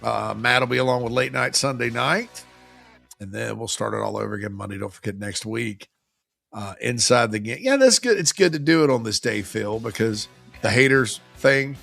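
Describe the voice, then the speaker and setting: Brief: male sports radio host, gravelly edge, bright forceful tone, chatty and joking, faint music underneath. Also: medium pitch. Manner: chatty and joking, quick asides. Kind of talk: casual sports talk.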